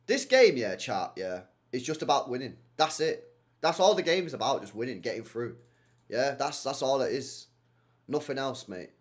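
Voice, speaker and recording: A young man hosting a live football watchalong, reading chat and reacting in an animated, teasing way. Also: mid-range voice.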